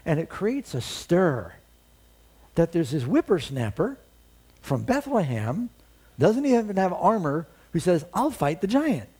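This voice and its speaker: A male preacher tells a story in a sermon, full of rhetorical questions and dramatic turns. His voice is warm and husky, sitting fairly high for a man. His pitch rises and falls in wide, lively swings. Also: a little slow.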